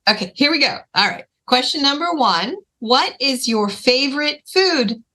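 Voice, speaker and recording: A woman hosts a podcast with a bright, sharp tone. She chats casually and reacts with upbeat encouragement. She moves quickly from one question to the next. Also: sits high, expressive. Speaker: podcast host. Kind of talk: casual interview chat.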